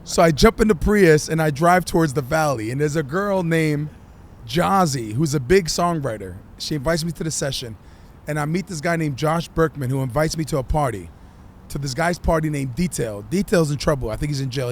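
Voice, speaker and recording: A man, a musician guest on a podcast, telling his story in an animated, profane way and acting out what people said. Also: on the high side, brisk, a little hiss or hum. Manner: animated, profane, acts out quotes.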